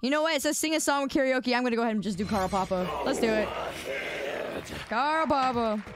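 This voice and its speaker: A woman's voice: fairly high pitch, animated, racing, noisy background. A sleep-deprived woman streamer chatting casually and playfully with her viewers, teasing and pleading. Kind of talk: casual live-stream chat.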